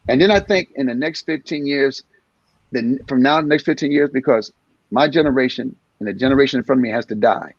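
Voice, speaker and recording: A comedian in his sixties talking in an animated interview, acting out little scenes in different voices. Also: mid-range voice, quick pace, no echo, highs cut off. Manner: energetic storyteller acting out voices. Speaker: comedian guest.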